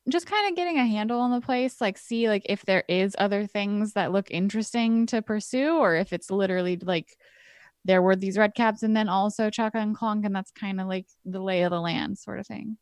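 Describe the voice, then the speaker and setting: A woman plays a tabletop game, talking tentatively with lots of fillers. Her voice sits at a middle pitch, dry and close to the mic. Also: a little fast, clear, resonant tone, dry recording. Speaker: player. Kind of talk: casual tabletop play.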